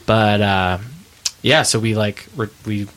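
A man telling tour stories in a casual interview, animated, with frequent restarts. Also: fairly low pitch, takes it slowly. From Midwest United States. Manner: animated storyteller, many restarts. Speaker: touring musician guest.

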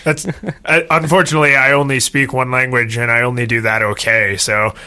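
Bright-voiced American man, joking podcast host. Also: mid-range voice, level tone, smooth. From United States. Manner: joking, quick asides, laughs at own remarks. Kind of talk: casual chat.

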